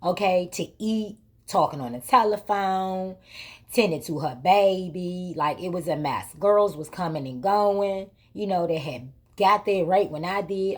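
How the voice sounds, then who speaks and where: A woman's voice: fairly low pitch, a little slow. Emphatic colloquial woman telling a story. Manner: emphatic, repetitive retelling with lively quoted exchanges; colloquial, vernacular grammar. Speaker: vlog host. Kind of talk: casual storytelling to camera.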